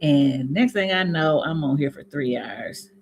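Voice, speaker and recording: Her voice is deep and animated, a little slow, with a little hiss or hum underneath. She's a middle-aged natural hair YouTuber from Indiana with an Indiana accent and some Southern sayings, rambling through a casual livestream chat with viewers and often laughing at herself.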